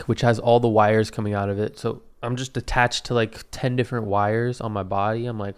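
A man's voice: fairly low pitch, level tone, normal speed, hardly any pauses, clear, resonant tone. Young man telling a rambling, profane story. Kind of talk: casual storytime chat.

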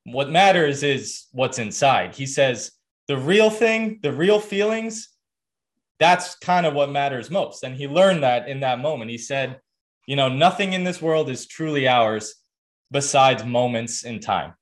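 A man's voice: medium pitch, animated, a little slow. A young adult man hosting a podcast, telling a story in a casual, earnest way with lots of fillers and restarts. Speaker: podcast host.

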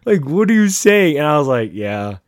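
A young man from the San Francisco Bay Area co-hosting a podcast, chatting casually and telling animated stories with lots of "like.". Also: a little high, fairly quick, dry recording, studio quality. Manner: animated storyteller, heavy use of "like". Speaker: podcast co-host. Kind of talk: casual chat.

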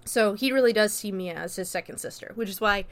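A woman reviewer talks through a movie's plot in a relaxed, conversational way. Her delivery is rambling and filled with "like" and "you know", with casual profanity along the way. Her voice is smooth and clear, sitting at an ordinary pitch for a woman. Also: brisk. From America. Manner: chatty, peppered with "like" and "you know", swears freely.

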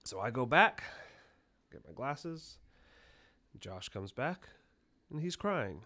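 A young man retells a wild night with heavy swearing and animated delivery, jumping into the voices of the people involved. His voice sits at a medium pitch, and he talks like a casual podcast co-host. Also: slow. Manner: profane, animated retelling, acting out quotes. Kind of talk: casual storytelling.

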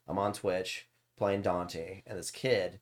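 A man's voice: low voice, fairly even intonation, slow pace. Rambling, laughing young man chatting. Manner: rambling, swearing, laughing storyteller. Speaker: podcast co-host and streamer. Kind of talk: casual chat.

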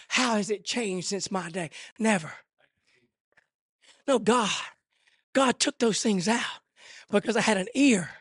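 A middle-aged man preaching an impassioned sermon, swinging between shouted fervor and hushed, intimate asides. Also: high voice, no echo, clean studio sound.

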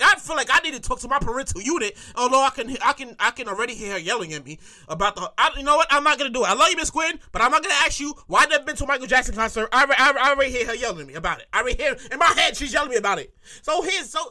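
Woman, comic monologue, animated, repeats lines for emphasis, very high voice, lively pitch. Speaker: comedic monologuist. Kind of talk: comic monologue read from her own script.

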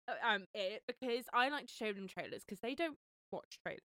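A young woman co-hosts a podcast in excitable, gushing casual chat with casual swearing. Her voice is bright and crisp. The recording is close and dry. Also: a little high, a little fast, no room sound. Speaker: podcast co-host.

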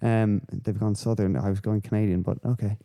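A man hosting a podcast, rambling through casual, sweary, animated rants. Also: fairly low pitch, a little fast. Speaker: podcast host. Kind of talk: casual chat.

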